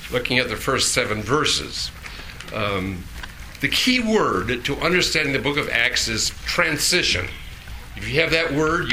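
A man preaching a sermon as pastor, often chuckling and correcting himself with quick asides. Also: mid-range voice, pushed and bright, a little hiss or hum.

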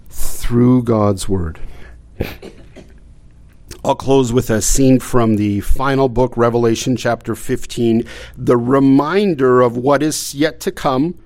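A man's voice: mid-range voice, slow pace, a little mellow. A man preaching a sermon, often stumbling into repeated words and asking his listeners rhetorical questions. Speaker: pastor.

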